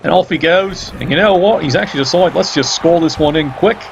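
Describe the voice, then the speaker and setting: A man's voice: fairly high pitch, a little fast, gravelly, lo-fi sound, faint music behind. A man giving casual play-by-play game commentary, sardonic and teasing, swearing freely.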